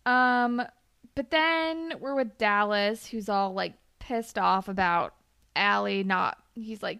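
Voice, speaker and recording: A young woman co-hosting a casual chat that recaps a TV show, talking fast with lots of "like" and laughing often. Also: mid-range voice, creaky, sharp tone, clear, resonant tone. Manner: chatty, lots of "like", laughs often, acts out characters' lines. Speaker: podcast co-host.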